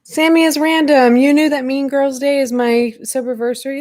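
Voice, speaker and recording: A woman's voice: high-pitched, steady tone, normal speed, few pauses, a little mellow, no echo, clean studio sound. A woman in her thirties hosting a casual live-stream podcast from home, chatty and self-deprecating with lots of fillers. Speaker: podcast host. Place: home room at a computer.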